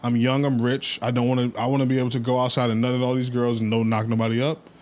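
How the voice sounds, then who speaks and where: A man's voice: medium pitch, level tone, fast talker, darkish tone. A man hosts a casual podcast in a loose storytelling manner. He drops blunt opinions in an easygoing way. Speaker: podcast host. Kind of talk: casual chat.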